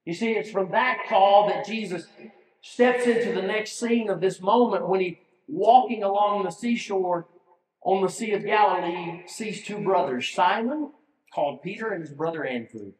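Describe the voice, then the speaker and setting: A man's voice: sits high, normal speed. A male pastor delivering a sermon in an earnest manner, putting direct questions to his listeners. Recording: echoey hall with long reverb.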